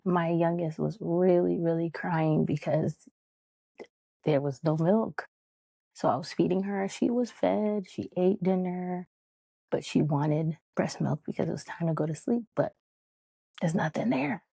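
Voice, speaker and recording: A woman's voice: lowish voice, vocal fry, dark tone, breathy edge, dry recording. A woman hosting a podcast, talking in a candid, heartfelt, rambling way with lots of fillers. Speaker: podcast host. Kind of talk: casual podcast monologue.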